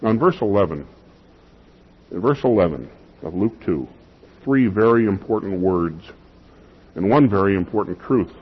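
A male pastor delivers a sermon with emphasis, often repeating his key phrases for weight. His voice sits low and a little husky. The recording is dull and lo-fi. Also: lively intonation, moderate pace, long pauses.

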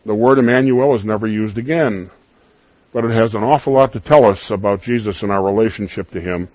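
A man preaching a sermon, emphatic, rising loud on key lines and dropping to soft asides. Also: fairly low pitch, a little fast, dry recording, muffled recording.

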